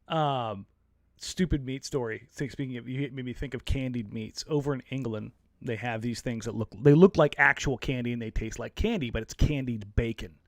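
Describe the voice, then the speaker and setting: A man's voice: medium pitch, normal speed, no room sound, clean studio sound. A man co-hosting a casual sports podcast, telling stories in a blunt, jokey way. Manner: animated storyteller, jokey and blunt. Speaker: podcast co-host.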